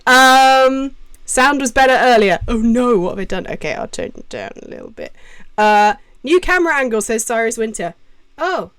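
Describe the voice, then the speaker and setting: A young British woman hosts a relaxed Q&A stream from her home, her slightly high voice close on a desk mic. She rambles good-naturedly, restarting words and reading viewer names aloud as she goes. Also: moderate pace. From Britain. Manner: chatty and self-interrupting, reading chat names aloud. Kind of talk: casual live-stream Q&A chat. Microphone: desk mic with adjustable gain.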